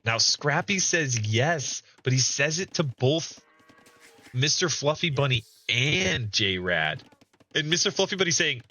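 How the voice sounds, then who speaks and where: Male streamer, bright tone, amused casual commentary with frequent chuckles. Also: medium pitch, lively intonation, measured pace. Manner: amused, chuckles often, reads out chat.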